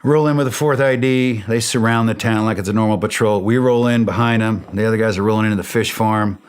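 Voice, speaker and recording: A man's voice: lowish voice, fast talker, smooth. A man telling a war story as an interview guest, acting out the dialogue and laughing as he goes. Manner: animated, acts out quoted dialogue, laughs while telling. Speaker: interview guest, former special operator. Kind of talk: casual storytelling.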